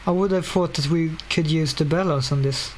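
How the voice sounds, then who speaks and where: Guy streaming a game, kinda high voice, mutters his plans out loud, dry jokes here and there. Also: normal speed, slight background noise. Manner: thinks aloud, wry asides. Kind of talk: casual let's-play commentary.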